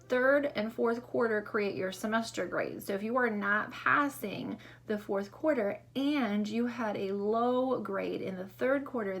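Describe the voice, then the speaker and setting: A woman teacher recording a distance-learning lesson for young students, deliberate and encouraging with gentle teasing. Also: on the high side, vocal fry.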